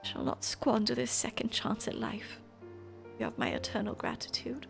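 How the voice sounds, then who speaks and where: A sly male schemer murmurs in a breathy whispered role-play, as a woman puts him on. His slow, silky words carry a gravelly rasp and a quiet villainous undertone. Faint music drifts behind him. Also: on the high side, fairly even intonation. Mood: grateful. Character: sly scheming male character, soft-spoken.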